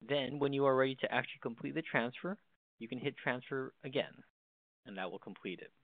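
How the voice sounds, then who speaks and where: A tutorial presenter, male, explains the basic functions of a desk phone one step at a time in a plain instructional tone. His voice is medium-pitched and a little fast, and the recording is dry and narrow, like a phone line, with no echo.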